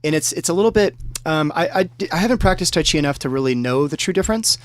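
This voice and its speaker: A man's voice: a little high, lively intonation, fast, no room sound, clean studio sound. A man who is a musician, talking as a podcast guest in casual chat, explaining things at length with rambling enthusiasm.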